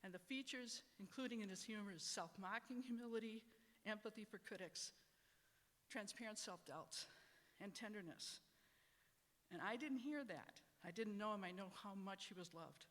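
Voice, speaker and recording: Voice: medium pitch, fairly bright tone. Wry middle-aged professor in a reverberant hall. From Wisconsin. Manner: wry, measured, reflective. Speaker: law professor on a panel. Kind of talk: prepared panel remarks.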